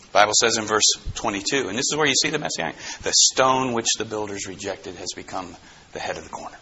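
A man preaching a sermon, swinging between soaring exclamations and hushed low asides. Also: fast. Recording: slightly dull, faintly noisy recording.

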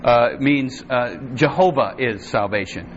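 A man preaching a sermon as pastor, emphatic, with repeated refrains and lively quoted asides. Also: medium pitch, a little slow. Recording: slightly dull sound with faint noise.

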